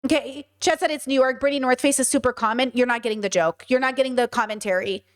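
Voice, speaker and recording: Woman, young adult, high voice, blunt, exasperated, profane streamer commentary. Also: quick pace. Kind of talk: reaction commentary to protest footage.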